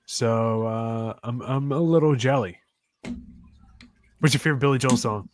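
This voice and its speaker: A man's voice: medium pitch, measured pace. A young man from Long Island co-hosting a sports podcast, joking wryly in casual chat. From Long Island, New York. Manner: wry, joking, wrestling slang. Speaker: podcast co-host.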